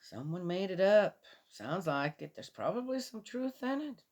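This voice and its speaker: A woman's voice: on the low side, big pitch swings, normal speed, darkish tone. A woman reading a Bible passage aloud and commenting on it in a casual, skeptical way, asking many rhetorical questions.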